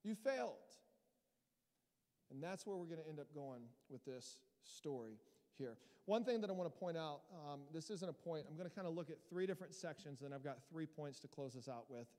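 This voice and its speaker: A man with a fairly high voice preaches a sermon in a church hall, his words trailing off into a long reverb. He talks in a lively, emphatic way and builds to loud peaks. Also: fairly quick. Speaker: pastor.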